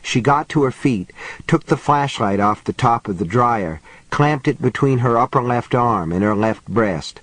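A man giving a steady, measured reading of a horror story. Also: mid-range voice, dry recording. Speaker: audiobook narrator. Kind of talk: scripted horror narration.

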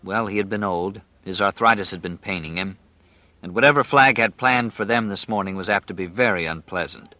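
Low-voiced man narrating an audiobook. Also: a little fast, no room sound, highs cut off. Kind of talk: scripted narration.

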